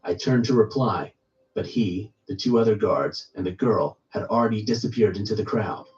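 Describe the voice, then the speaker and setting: A man reading a first-person horror story aloud in steady storytelling narration. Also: fairly low pitch, normal speed, far from the mic, highs cut off.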